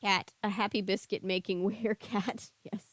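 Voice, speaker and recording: A woman's voice: medium pitch, fairly even intonation, moderate pace, no room sound. Southern woman reading a book aloud. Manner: reads the book, then chats casually with viewers. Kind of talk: book reading with live chat asides.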